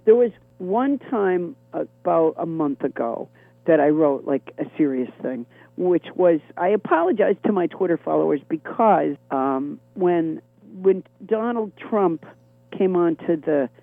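A middle-aged woman with a low, gravelly, rough-edged voice, talking over a thin, tinny phone line. She rambles wryly through her stories with self-deprecating asides, and her voice carries a lingering chronic cough. The line sounds dry and boxed in. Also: animated, unhurried, dry recording. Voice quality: deep gravelly voice. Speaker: comedian guest. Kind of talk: phone interview chat.

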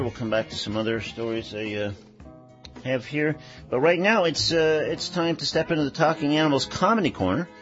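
Low-voiced guy hosting radio, lively, pauses a lot, dull broadcast sound. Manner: unhurried, many "uh" pauses. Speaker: radio show host. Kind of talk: radio talk show.

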